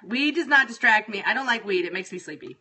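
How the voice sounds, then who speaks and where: A middle-aged woman talking off the cuff to her livestream audience, exasperated and freely profane. Her voice sits a little high and sounds bright and forward. She drifts from thought to thought in a loose, scattered chat. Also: lively intonation, quick pace, breathy edge. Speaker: livestream host. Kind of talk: casual livestream chat with viewers.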